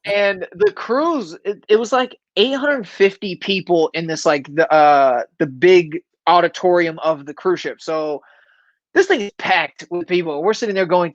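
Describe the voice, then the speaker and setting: A man's voice: high voice, normal speed, no room sound, highs cut off. A male stand-up comedian from Florida telling anecdotes in casual chat, acting out quoted lines along the way.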